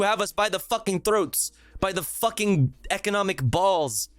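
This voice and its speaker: Male streamer, fairly high voice, dry close sound, profane sarcastic rant, faint music behind. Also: animated, moderate pace, hardly any pauses, fairly bright tone, no room sound. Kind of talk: live reaction commentary.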